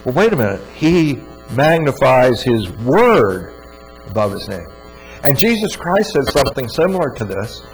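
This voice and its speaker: A man's voice: mid-range voice, very animated, a little slow, faint music behind, rough recording. A man giving an earnest, emphatic religious teaching talk, often repeating words for stress. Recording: faint mains hum.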